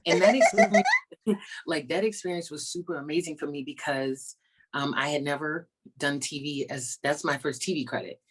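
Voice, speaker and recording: A woman stand-up comedian chatting as an interview guest, telling stories in an animated way and acting out the people she quotes, over a video call. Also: low-pitched, normal speed, breathy edge. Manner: animated storyteller, acts out quoted voices. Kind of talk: casual interview chat.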